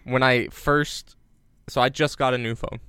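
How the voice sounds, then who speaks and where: A man co-hosting a podcast in casual chat, rambling with jokey deadpan asides. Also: mid-range voice, unhurried, smooth, no room sound. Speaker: podcast co-host. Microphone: remote recording on separate devices.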